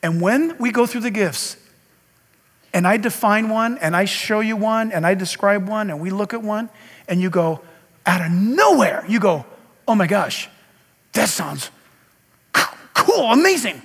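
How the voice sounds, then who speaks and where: A man preaching a sermon as pastor, animated and acting out conversations, swinging from hushed to shouting. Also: high voice, moderate pace, big-room sound. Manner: animated, acts out dialogue, shifts from hushed to shouting.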